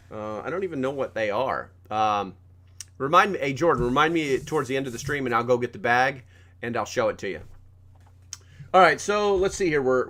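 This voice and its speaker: A man's voice: mid-range voice, fairly bright tone. Rambling male livestream host. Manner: rambling, casual, swears freely. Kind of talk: casual live-stream chat. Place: home desk.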